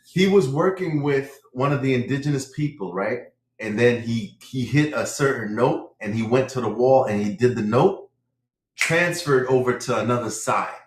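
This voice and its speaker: Brief: animated male storyteller, mid-pitched, roomy echo on the mic. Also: normal speed. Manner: animated storyteller, says "right?" often. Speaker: livestream participant. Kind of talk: casual live chat. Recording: echoey room.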